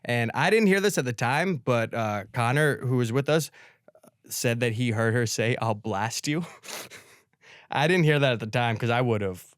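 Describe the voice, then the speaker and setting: A man's voice: mid-range voice, expressive, normal speed, no echo. A podcast host from New York spins a casual, rambling anecdote, peppering it with "like" and acting out the people in it. His voice is a mid-range male voice, recorded dry with no room sound. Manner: rambling anecdote full of "like", acting out others' lines. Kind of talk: casual storytelling chat.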